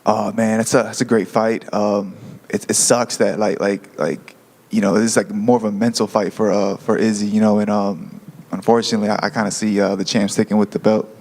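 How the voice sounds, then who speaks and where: A man giving a short interview answer, halting and full of fillers. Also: fairly low pitch, level tone, darkish tone.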